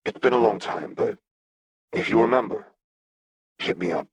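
A man voicing a blunt, earnest young male gang leader with a husky voice. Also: fairly low pitch, normal speed, dry recording. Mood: wry.

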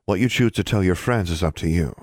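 A man's voice: deep voice, quick pace, darkish tone, dry recording, clean studio sound, close to an everyday voice. A man reading a stern woman official. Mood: cool, formal. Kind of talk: audiobook character reading.

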